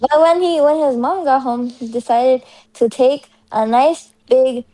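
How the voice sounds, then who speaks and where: Young woman, slightly high, rambling. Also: measured pace, warm tone. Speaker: podcast co-host, younger sister. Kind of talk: casual chat.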